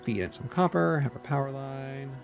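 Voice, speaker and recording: A man's voice: mid-range voice, normal speed, creaky, music in the background. A man streaming a factory-building game, muttering to himself with playful asides. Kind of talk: casual gameplay commentary.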